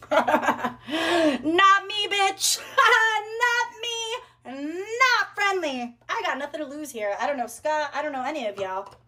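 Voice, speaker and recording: A woman vlogger talks straight to her viewers in a brash, profane, sassy rant. Her voice sits a little on the high side. She tells her story in a loose, casual way. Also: a bit bright.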